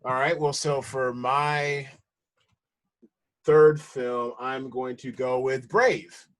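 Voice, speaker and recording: An American man hosting a podcast, rambling and correcting himself in casual chat, quick to laugh. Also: mid-range voice, fairly even intonation, a bit bright. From United States. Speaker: podcast host.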